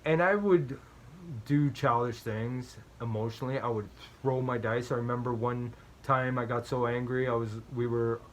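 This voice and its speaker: With a steady mid-range voice at normal speed, a strategy game channel host explains his play in a chatty, self-deprecating way, sharing personal stories. He often ends points with "right?" and repeats phrases for emphasis, with slight background noise present.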